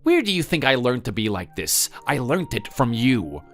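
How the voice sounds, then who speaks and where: A man's voice: medium pitch, big pitch swings, moderate pace, fairly bright tone, no room sound, soft background music. An actor playing a resentful grown son in a scripted text-story drama, defensive and accusing toward his mother.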